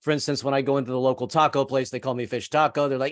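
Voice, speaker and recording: A man's voice: medium pitch, fairly even intonation, rapid-fire, few pauses, no room sound, clean studio sound. A man in his seventies performs a stand-up set over a video call from home. He rambles through self-deprecating jokes in a medium voice. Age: 70s. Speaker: stand-up comedian.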